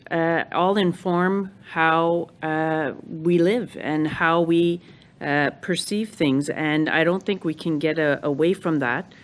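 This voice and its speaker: A woman answering questions at a formal hearing, speaking in a measured, thoughtful way with frequent hesitations. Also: deep voice. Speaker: judicial nominee answering questions.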